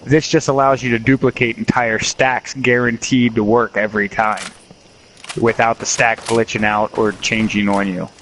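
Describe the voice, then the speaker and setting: A man's voice: medium pitch, level tone, moderate pace, fairly bright tone, slight background noise. A man chatting casually while streaming a video game. He tells rambling stories and chuckles often. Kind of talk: casual chat while gaming. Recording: game gunfire clearly heard behind. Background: video game gunfire and explosions.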